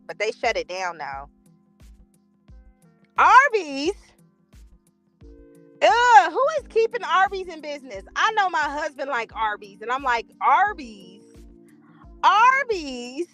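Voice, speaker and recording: A woman from chats casually, her voice pitched a little high clear. She is animated and expressive, swearing freely as she reacts to viewers, and faint music plays underneath. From California. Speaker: livestream host reading chat. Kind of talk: casual chat.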